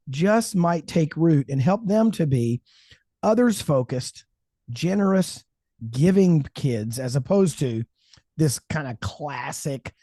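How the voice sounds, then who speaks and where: A man hosting a faith-based fathering podcast, chatting with his co-host in an energetic, enthusiastic way, sometimes slipping into a radio announcer voice. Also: fairly high pitch, no echo, studio quality. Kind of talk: casual podcast chat with ad read.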